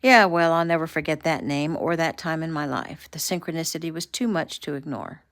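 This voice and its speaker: A woman's voice: low voice, a little fast, fairly bright tone, dry recording, clean studio sound. A woman voicing a friendly male innkeeper who talks in a casual, obliging way, in a read-aloud novel.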